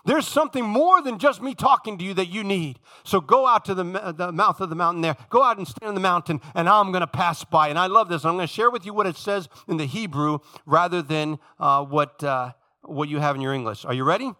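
A man preaching a sermon as pastor, dramatic, swinging from booming lines to hushed asides. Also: a little fast, few pauses.

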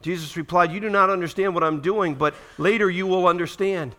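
Male pastor, sermon, high bright tone, animated storyteller. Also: a little fast, hardly any pauses. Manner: animated storytelling, acts out quoted voices; checks in with listeners.

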